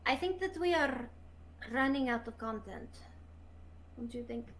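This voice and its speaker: A woman's voice: fairly high pitch, animated, measured pace. A woman chatting casually as a stream guest, blunt and teasing.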